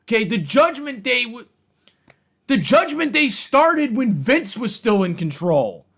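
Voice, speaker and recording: High-voiced man on an angry profane rant. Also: very animated, a little slow, fairly bright tone, husky. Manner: heated, profane, repetitive. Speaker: wrestling commentator ranting on his channel.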